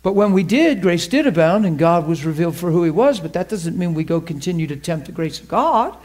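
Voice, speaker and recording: Guy preaching hard, pretty high voice, keeps asking the room stuff. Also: sing-song, brisk, a little mellow. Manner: emphatic, fervent, asks the audience questions; laughs with the audience. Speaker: preacher teaching a class. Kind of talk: sermon.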